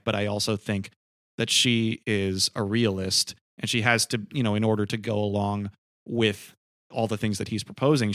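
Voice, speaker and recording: A man's voice: on the low side, fairly bright tone, no echo, studio quality. A man co-hosting a film podcast who talks thoughtfully, with lots of fillers and restarts. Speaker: podcast co-host. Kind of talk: casual film discussion.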